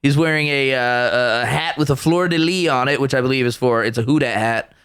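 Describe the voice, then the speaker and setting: A man's voice: medium pitch, brisk, fairly bright tone, clean tone. A man co-hosting a podcast in a small studio, joking around in casual chat and slipping into silly put-on voices. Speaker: podcast co-host. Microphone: studio mic with headphones.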